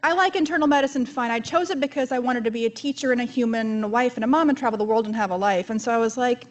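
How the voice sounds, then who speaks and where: A woman's voice: on the high side, fast talker, few pauses, a little hiss or hum. Joking, chatty woman giving a keynote. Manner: joking, chatty and self-deprecating. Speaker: keynote speaker. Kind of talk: conference keynote talk.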